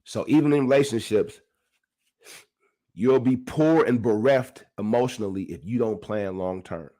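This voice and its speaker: Animated man hosting his own podcast. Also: mid-range voice, normal speed. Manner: animated, laughs often, talks straight to the audience. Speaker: podcast host. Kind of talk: casual motivational monologue.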